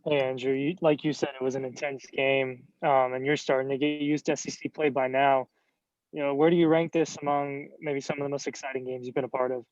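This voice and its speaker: A male reporter asking a player a question at a postgame press conference over a video call, in a measured way. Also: mid-range voice, level tone, darkish tone, no room sound. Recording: dull dry video call audio.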